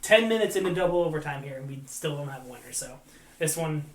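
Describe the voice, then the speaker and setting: A man co-hosting a casual hockey podcast, talking animatedly and breaking into laughter and loud gruff impressions. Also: a little high, lively intonation, fast, echoey room, a little hiss or hum. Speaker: podcast co-host.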